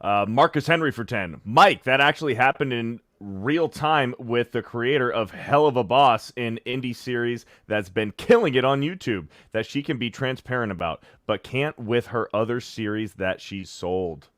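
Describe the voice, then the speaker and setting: A man's voice: medium pitch, moderate pace, few pauses, a bit bright, dry recording, studio quality. A man co-hosting a podcast, reading paid viewer messages aloud. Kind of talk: casual podcast chat.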